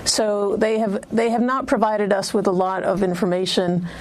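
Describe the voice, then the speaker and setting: A woman from a newspaper answering a TV news interview in a measured, explanatory way, using some fillers. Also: mid-range voice, little pitch movement. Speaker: newspaper editor guest on TV news.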